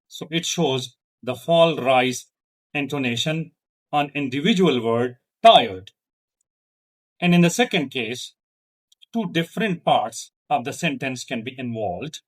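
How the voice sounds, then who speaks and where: Slow, lively teacher. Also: male voice. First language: Urdu. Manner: slow, deliberate teaching delivery with pitch demonstrations. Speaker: English teacher. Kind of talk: online language lesson.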